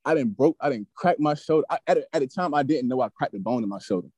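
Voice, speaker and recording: A young man in his twenties tells a story in an animated, profane style, and he gets heated as he goes. His voice is dark and mellow. The podcast mic is dry and close. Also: mid-range voice, fast, slightly rough, no echo. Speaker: podcast guest, former college football player. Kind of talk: casual storytelling.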